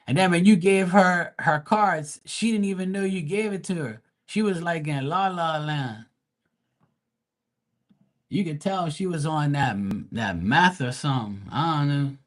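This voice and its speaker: A man who reads tarot live, chatting casually with his viewers in a blunt, profane, slangy and rambling way. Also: a little high. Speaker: live tarot reader and streamer. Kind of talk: casual livestream chat.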